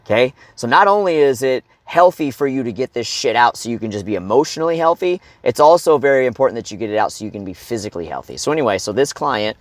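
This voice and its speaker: A man coaching viewers in a blunt, profane monologue, often checking in with "okay?" and breaking into loud shouts and grunts to demonstrate. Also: medium pitch, animated, quick pace, few pauses, no echo. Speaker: fitness and life coach.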